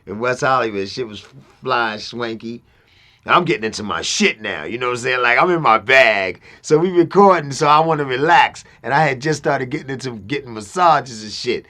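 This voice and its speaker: A man in his fifties, an interview guest telling a story in a lively, streetwise way, often acting out what other people said. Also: mid-range voice, moderate pace. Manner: lively, acts out quoted people in excited voices, streetwise slang. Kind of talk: animated storytelling.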